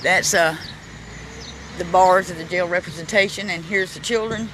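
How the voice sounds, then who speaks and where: A man's voice: sits high, pushed and bright, low-quality recording. Emotional man vlogging outdoors. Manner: emotional, chokes up, reads plaques aloud haltingly. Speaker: vlogger touring a memorial park. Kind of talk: casual walking vlog narration. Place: outdoor city park. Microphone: handheld phone camera. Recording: outdoor phone recording with traffic noise. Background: street and traffic noise.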